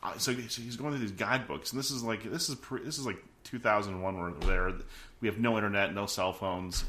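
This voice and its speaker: Male host, 30s, lowish voice, loose rambling storyteller. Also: fairly bright tone, slight background noise. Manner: rambling, full of "like" and restarts. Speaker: podcast host. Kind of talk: casual storytelling.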